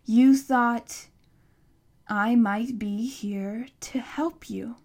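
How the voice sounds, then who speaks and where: A woman voicing a huge, ancient male yew-tree monster, speaking slowly and quietly, dropping at times to a whisper. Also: fairly even intonation, exaggerated voice. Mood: knowing. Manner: slow, low-key and hushed, partly whispered.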